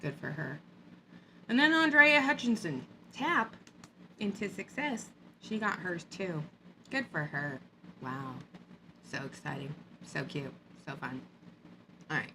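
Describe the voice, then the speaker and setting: A woman's voice: on the low side, lively intonation, slow pace, pauses often, background noise. A woman vlogger giving a sarcastic, mocking rant in a hot upstairs room. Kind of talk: ranting commentary vlog.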